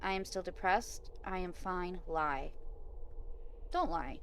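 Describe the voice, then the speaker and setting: Woman host reading a horror text game aloud, smooth voice, jumpy and excitable. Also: lowish voice, takes it slowly. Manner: jumpy and excitable, bursting into startled exclamations. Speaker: gaming channel host.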